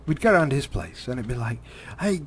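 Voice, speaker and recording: A man's voice: mid-range voice, big pitch swings, a little hiss or hum. A man, commentating on a driving game while telling a rambling story, full of fillers and repeated words. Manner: halting, many fillers and repeated words, chuckles.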